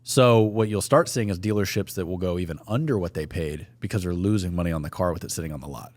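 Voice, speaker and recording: Fast-talking deep-voiced man. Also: no echo. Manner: explains with profanity, plain and matter-of-fact. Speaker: podcast co-host. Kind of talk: casual chat.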